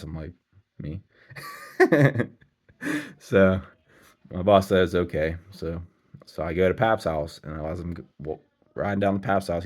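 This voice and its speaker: A man's voice: a bass voice, a little mellow. A middle-aged man telling a rambling, earnest personal story in a casual vlog, full of restarts and asides.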